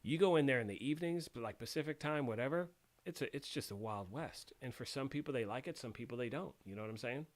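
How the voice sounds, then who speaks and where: A man's voice: mid-range voice, fast. Rambling male livestream host. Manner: rambling, conversational, many fillers; reads and answers chat. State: throat clearing after choking on tea. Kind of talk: casual live stream chat.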